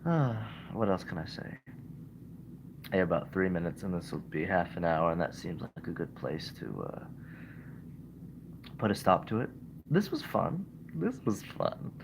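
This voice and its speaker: A man's voice: sits low, animated, moderate pace, pauses often, background noise. A young man rambling casually with lots of fillers, livestreaming from his bed. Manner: meandering, many fillers. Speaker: vlogger. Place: in bed at home.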